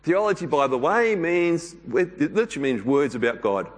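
A pastor giving a sermon in church, speaking gently and unhurriedly with occasional fillers. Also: male voice, a little high, big pitch swings, normal speed, long reverb tail.

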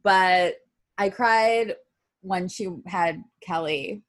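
A woman with a lowish voice chatting casually as a podcast co-host. She gets emotional and teary easily, and the recording is dry and close with no room sound. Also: drawn-out words, no room sound. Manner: emotional, tearful when talking about poems. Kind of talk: casual chat.

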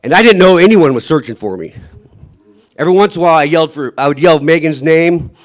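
A man telling a personal survival story in a halting, emotional way, often trailing off and restarting, and acting out his own shouts. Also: on the high side, expressive.

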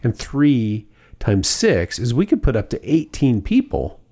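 A man co-hosting a podcast, talking things through in casual chat. His pitch rises and falls a great deal as he explains, and he pauses now and then to find his words. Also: big pitch swings, mellow. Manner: explains at length with fillers and restarts. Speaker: podcast co-host.

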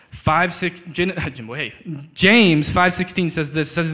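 A pastor with a bright, fairly high voice and a drawl preaches a conversational sermon, full of quick asides and acted-out quotes. Partway through, he switches to a handheld mic.

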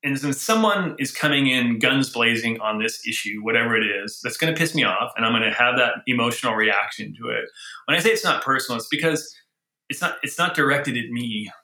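Man, casual talk, animated, restarts often, roomy sound. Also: medium pitch, fairly quick. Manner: animated, thinks aloud with restarts and laughs. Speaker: guest, engineering leader and author. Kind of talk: casual conversation.

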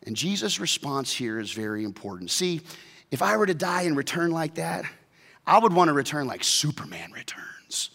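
A man preaching a sermon as a pastor, telling the story in an animated way and acting out the voices. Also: on the high side, normal speed, gravelly, in a large hall.

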